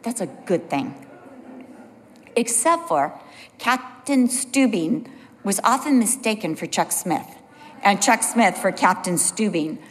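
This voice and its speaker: A woman's voice: mid-range voice, sing-song, slow, pauses often, a little hiss or hum. Earnest lady teaching bible study, keeps repeating for emphasis, long echoey hall.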